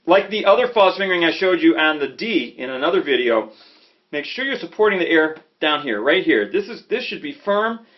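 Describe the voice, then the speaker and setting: A man from Chicago giving a relaxed saxophone lesson, talking conversationally and checking in often with "okay?" and "you know". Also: a little high, fairly quick. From Chicago, USA. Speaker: saxophone teacher. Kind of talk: casual instructional talk. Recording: slightly dull lo-fi audio with faint music.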